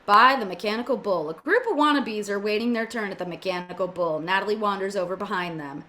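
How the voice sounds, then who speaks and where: A woman's voice: mid-range voice, fast talker, fairly bright tone. A woman reading the stage directions aloud in an amateur script reading, adding joking asides as she goes.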